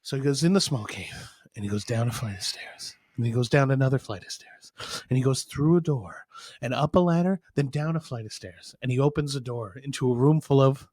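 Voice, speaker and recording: A man co-hosting a podcast, telling a long rambling joke in casual chat, with squeaky outbursts for his characters. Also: brisk, no room sound. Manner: animated storytelling, squeaky voices for characters. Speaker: podcast co-host. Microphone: studio mic.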